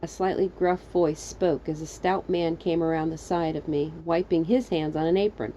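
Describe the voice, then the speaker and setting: A woman reading her first-person fan fiction story aloud, soft-spoken and unhurried. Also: low voice, steady tone, muffled recording, a little hiss or hum.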